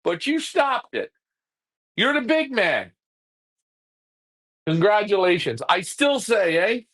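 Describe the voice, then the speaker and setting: A man's voice: very high-pitched, very animated, slow, sharp tone. A man, co-hosting a live pigeon-club stream, ranting bluntly and repeating himself when fired up. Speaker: pigeon racing club co-host.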